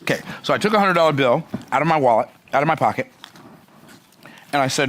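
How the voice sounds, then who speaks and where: A man's voice: on the high side, fast talker, a little hiss or hum. A man who is a business coach, telling a story in a motivational speech and acting out the other people in it. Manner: animated, acts out the other people in his story.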